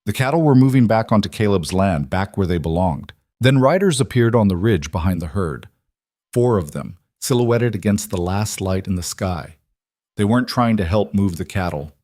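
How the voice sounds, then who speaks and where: Low-voiced man narrating a western. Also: animated, normal speed, darkish tone, no room sound, studio quality. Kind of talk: scripted audiobook narration.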